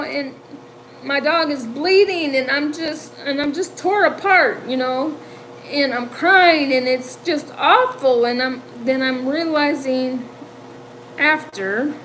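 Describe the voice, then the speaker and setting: A woman's voice: high voice, takes it slowly, a bit bright, slight background noise, low-quality recording. A woman in her fifties from the American Midwest, chatting with viewers on her livestream; emotional and chatty, laughing often and repeating words. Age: 50s. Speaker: livestream host. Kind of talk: casual livestream chat with viewers.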